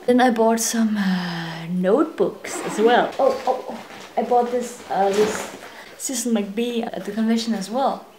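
A woman's voice: fairly high pitch, measured pace, background noise. A teenage woman with as her rambles through a casual home vlog in her bedroom. She giggles and corrects herself as she goes. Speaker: vlogger. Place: her own bedroom, indoors.

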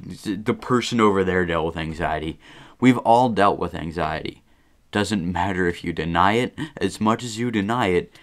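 A teenage boy talking casually to camera, rambling and poking fun at himself. His voice is very low and smooth. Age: teens. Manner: chatty and rambling, self-deprecating. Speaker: vlogger. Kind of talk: casual vlog monologue.

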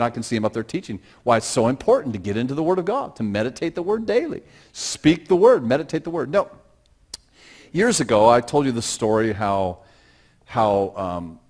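A middle-aged male pastor preaching a sermon, talking plainly and then swelling into loud, drawn-out emphasis on scripture verses. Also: on the low side. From Pacific Northwest of the United States.

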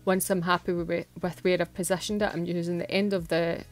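A woman's voice: on the low side, little pitch movement, a little fast, faint music behind. A Scottish woman chatting through a nail art tutorial in a casual, giggly, self-deprecating way.

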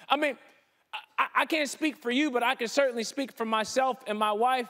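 A man giving a conference sermon in an animated preaching style, with casual slang. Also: very high voice, brisk. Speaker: keynote speaker.

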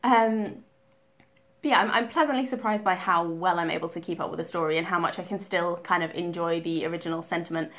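A woman's voice: lowish voice, fairly quick, fairly bright tone. Chatty woman book vlogger. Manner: chatty, many ums and restarts. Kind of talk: casual reading update.

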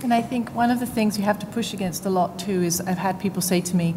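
A woman's voice: mid-range voice, fast. A woman panelist speaking emphatically and telling anecdotes at a business conference, laughing often as she makes her points. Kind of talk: panel discussion. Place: conference hall. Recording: reverberant hall with faint noise.

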